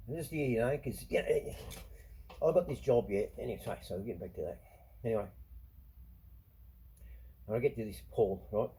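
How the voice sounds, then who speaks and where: A man's voice: medium pitch, dark tone, slightly rough, low-quality recording. A middle-aged Australian man, host of his own show, swearing constantly through a ranting, blunt monologue. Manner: swears constantly, rants, quick to anger. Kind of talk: profane monologue.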